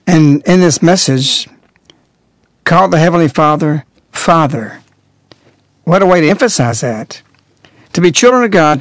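A man giving an earnest, emphatic religious radio talk, stressing key words by rising in pitch. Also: no echo. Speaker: radio commentator.

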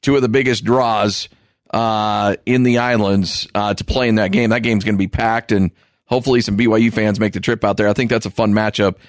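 A man's voice: fairly low pitch, steady tone, brisk, no echo, studio quality. A man co-hosting a sports podcast in an amused, conversational way, leading into the next topic. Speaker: co-host.

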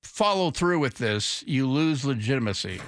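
A man's voice: mid-range voice, animated, moderate pace, fairly bright tone, dry recording. A man hosting a talk radio show in a studio, rambling off the cuff with sardonic asides. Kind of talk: casual talk radio monologue.

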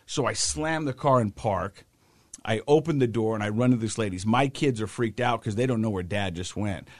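A middle-aged man co-hosting a casual talk show, telling a story with lively quoted voices. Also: fairly low pitch, normal speed, no echo. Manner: animated storyteller, acts out quotes. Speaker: podcast co-host.

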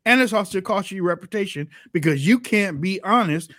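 A man with a high-pitched voice co-hosts a political talk show. He argues emphatically, circling back and repeating his key lines. The sound is dry and close. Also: expressive, fairly quick, pushed and bright, no echo. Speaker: co-host.

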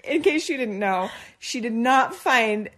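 A young woman co-hosts a chatty podcast and tells a story with lots of energy. Her voice sits a little high, and she slips into acted-out quotes as she talks, laughing often. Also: expressive, measured pace, a bit bright. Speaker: podcast co-host. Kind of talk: casual chat, storytelling.

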